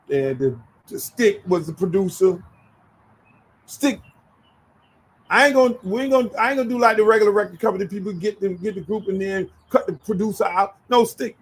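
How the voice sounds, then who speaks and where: High, animated man telling stories. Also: husky, rough recording. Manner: animated, profane, acts out voices in his stories. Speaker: show host telling stories. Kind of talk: casual storytelling.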